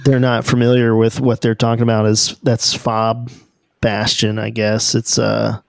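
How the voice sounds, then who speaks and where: A man hosting a podcast, chatting in a relaxed, loose way and explaining things to his listeners. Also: on the low side, measured pace, vocal fry, no room sound, studio quality. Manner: relaxed, loose and conversational, with fillers. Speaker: podcast host. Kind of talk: casual chat.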